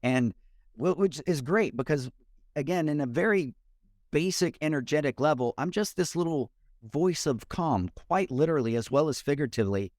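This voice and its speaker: A man, a mortgage loan officer and podcast guest, talking in an energetic, expressive way over a remote call. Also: a little high, moderate pace, no room sound, studio quality. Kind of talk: casual interview talk.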